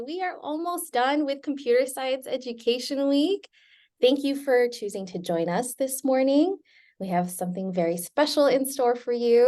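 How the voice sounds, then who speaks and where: Woman host, kinda high voice, cheery and welcoming on a video call. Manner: upbeat, welcoming. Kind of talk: live-stream hosting.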